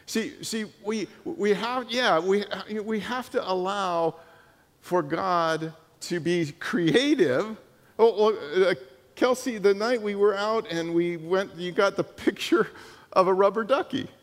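A man preaching a sermon and telling stories, animated and full of restarts and repeated words. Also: high voice, slow. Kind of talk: sermon with storytelling. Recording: long hall reverb.

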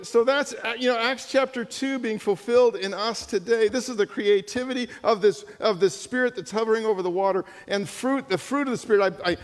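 A man preaching a sermon and telling stories, animated and full of restarts and repeated words. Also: high-pitched. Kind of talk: sermon with storytelling. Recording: long hall reverb.

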